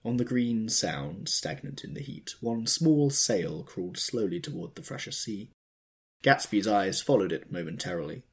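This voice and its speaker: A man narrating a novel in a measured, expressive way. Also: on the low side, gravelly. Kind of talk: audiobook narration.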